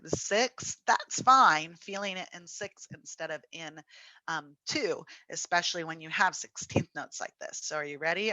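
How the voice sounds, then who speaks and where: A woman's voice: sits low, bright, forceful tone, no echo. A woman giving an online music lesson, chatty and encouraging, counting beats and singing rhythms on "da". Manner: counts aloud and sings rhythms on "da"; chatty, encouraging, thinks aloud. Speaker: music teacher.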